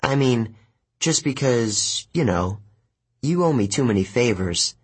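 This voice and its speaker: Casting: male narrator voicing a teasing teen girl, a little flustered, husky tone. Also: mid-range voice, lively intonation, a little slow. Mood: bashful. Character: wry, sensible teenage girl.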